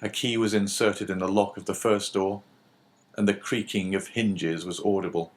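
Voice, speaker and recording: A man reads a classic novel aloud in a steady, measured way, fitting for an audiobook. His voice sits fairly low and even. The narration is unhurried and plainly told.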